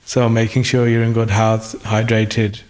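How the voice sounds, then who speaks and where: A man's voice: lowish voice, flat delivery, unhurried, a little mellow. A man in a conversational interview, speaking thoughtfully with hesitant restarts, his voice still recovering after an illness. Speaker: guest musician.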